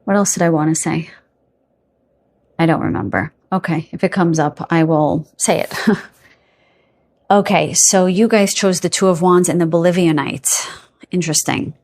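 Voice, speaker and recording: A woman's voice: fairly low pitch, fairly even intonation, moderate pace, pauses often, a little mellow. A middle-aged woman giving a pick-a-card tarot reading to her viewers, chatty and rambling, often losing her train of thought, openly affectionate to her audience.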